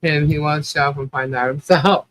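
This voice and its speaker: A man's voice: fairly high pitch, fairly even intonation, moderate pace, fairly bright tone, a little hiss or hum. A man hosting a casual livestream, telling rambling stories with lots of fillers and laughter. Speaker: livestream host. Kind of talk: casual chat.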